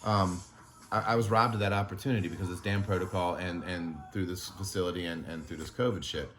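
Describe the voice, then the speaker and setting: A man who runs an animal sanctuary, speaking in an emotional vlog monologue, halting and frustrated, often swearing. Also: sits low, fairly even intonation, a bit bright.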